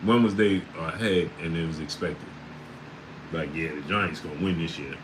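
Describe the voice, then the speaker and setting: A man hosting a casual sports livestream, reading out chat names and breaking into loud disbelief. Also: rumbling low, moderate pace, noisy background.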